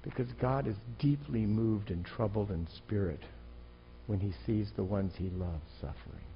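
A man's voice: fairly low pitch, moderate pace, highs cut off, a little hiss or hum. A man preaching an impassioned, emphatic sermon as a pastor.

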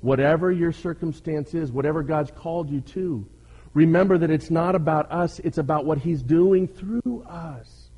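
A man's voice: on the high side, moderate pace, dark tone, husky, lo-fi sound. A male pastor preaching a sermon, asking his listeners questions and pressing his points with emphasis.

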